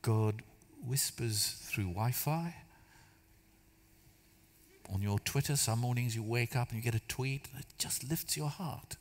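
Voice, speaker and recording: A man's voice: mid-range voice, measured pace. Storytelling man preaching in a reverberant hall. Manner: storytelling, conversational, self-deprecating humor. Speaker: church speaker. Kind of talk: sermon. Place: large church hall.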